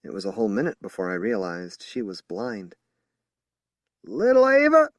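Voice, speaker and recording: A man reading a horror novel aloud as an audiobook narrator in measured storytelling. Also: low voice, darkish tone, no room sound, studio quality. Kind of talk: scripted narration.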